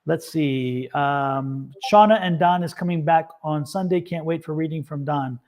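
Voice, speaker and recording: A chatty man hosts a live tarot session over a video call, talking in a casual, rambling way. His voice sits a bit high for a man. He repeats words and laughs often. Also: measured pace, a crowd in the background. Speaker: tarot reader and co-host. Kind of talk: casual livestream chat.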